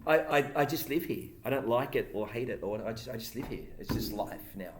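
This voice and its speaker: A man's voice: medium pitch, fairly quick. A man, co-hosting a casual podcast chat. He talks in a loose, chatty way and keeps tagging his lines with "right?". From Australia. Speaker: podcast co-host. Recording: echoey room.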